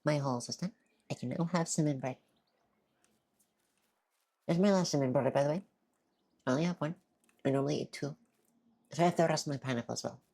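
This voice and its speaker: Woman streamer, casual game chat, very low voice, dark tone. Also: a little fast, long pauses, slightly rough. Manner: chatty, talks while eating. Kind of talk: casual let's-play chat.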